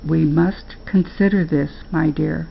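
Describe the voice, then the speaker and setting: A calm, patient old grandfather speaking softly and slowly, as an older woman reads his part. Her voice stays low and gravelly. The recording sounds dull and lo-fi. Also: a little hiss or hum, full character voice. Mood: soothing. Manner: soothing, patient.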